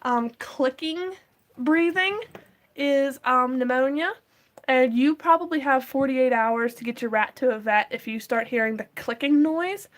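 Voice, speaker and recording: A young woman chatting casually in a vlog, explaining pet rat health and cooing at her pets now and then. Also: measured pace. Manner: chatty, talks to her pets in a high baby voice. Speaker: pet rat owner vlogger.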